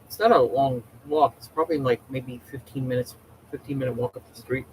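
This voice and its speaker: Casting: man, everyday mid pitch, casual livestream host, rambling chatter, faint noise behind. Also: steady tone, a little fast, rough recording. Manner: rambling, chatty, many restarts.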